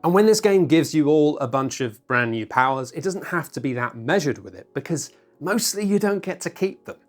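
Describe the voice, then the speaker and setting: Animated board game reviewer, swooping pitch, playful mock voices, faint music behind. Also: moderate pace. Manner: playful, acts out players' lines in mock voices; chatty, self-mocking asides. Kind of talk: video review, talking to camera.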